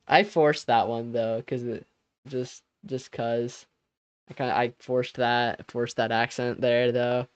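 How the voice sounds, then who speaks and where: A man's voice: mid-range voice, slow pace, pauses often, dry recording. A young man hosting a live stream in a loose, laid-back chat, laughing often and losing his train of thought. His voice sits mid-range for a man. It comes across close and dry, with no room sound. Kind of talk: casual chat with stream viewers.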